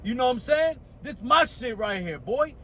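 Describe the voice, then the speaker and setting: A man's voice: extremely high pitch, animated, moderate pace, fairly bright tone, a little hiss or hum. A young American man giving a casual motivational talk, profane and streetwise, often asking "you know what I'm saying". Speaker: motivational speaker.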